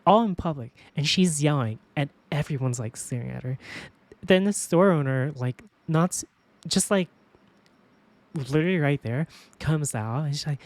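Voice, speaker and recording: A woman streamer with a low voice tells stories to her viewers in a casual, animated way. She swears a lot and laughs often, and the sound is dry and close. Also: moderate pace, dry recording.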